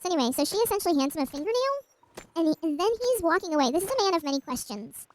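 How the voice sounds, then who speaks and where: High-voiced woman chatting while gaming. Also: very animated, rapid-fire, a little mellow, rough recording. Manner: rambling storyteller with many asides and restarts. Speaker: streamer. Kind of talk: casual chat while gaming.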